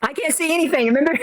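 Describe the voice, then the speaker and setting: High, giggly woman who keeps interrupting. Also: dry recording, clean studio sound. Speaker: listener in a group chat. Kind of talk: casual chat.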